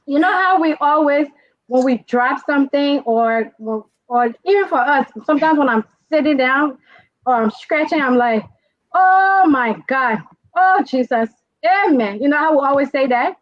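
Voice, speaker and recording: A woman with a Liberian accent hosting a casual talk show, animated and laughing as she teaches slang phrases. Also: sits high, moderate pace, dry recording. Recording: dull, dry lo-fi sound.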